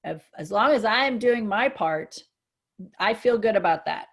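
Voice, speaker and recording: A woman co-hosting a casual spiritual chat, earnest and reflective, growing excited when she gives examples. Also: medium pitch, normal speed. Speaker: co-host.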